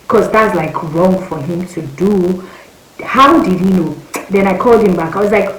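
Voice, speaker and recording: Animated young Nigerian woman, echoey room. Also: fairly low pitch, moderate pace. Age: 20s. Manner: animated, exclamatory, voice leaps up when excited. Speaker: vlogger. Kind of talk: casual storytelling rant.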